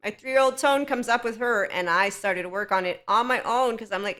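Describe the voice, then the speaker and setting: A woman's voice: medium pitch, fairly quick, hardly any pauses, a bit bright. A woman hosting a spiritual self-help podcast in a solo monologue. She speaks candidly and with strong opinions, and laughs often as she goes. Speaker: podcast host.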